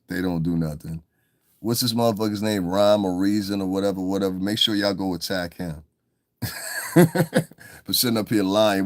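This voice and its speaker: A deep-voiced man talks casually and profanely on a live stream, answering his chat as he goes. His voice is recorded close and dry, with no room sound around it. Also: no echo. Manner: loose, profane, chatty, talking to viewers in chat.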